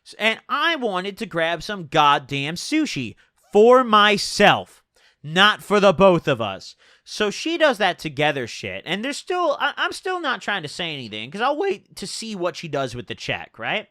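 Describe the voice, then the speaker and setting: Give me an exasperated young man telling a story, a bit high and very lively. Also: unhurried, no room sound, studio quality. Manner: animated, swearing, exasperated. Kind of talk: storytime vlog.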